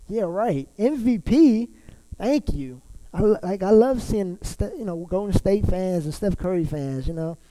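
In an unhurried, roughly recorded sermon, a pastor chats easily with his congregation. His voice is high for a man, soft and mellow, and he keeps restarting sentences and leaning on fillers.

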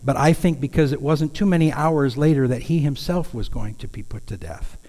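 A man's voice: mid-range voice, brisk, dark tone. A man preaching a sermon in a church, earnest and conversational, now and then raising his voice for emphasis. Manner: earnest, conversational preaching with sudden raised calls. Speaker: pastor. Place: church sanctuary. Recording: long hall reverb.

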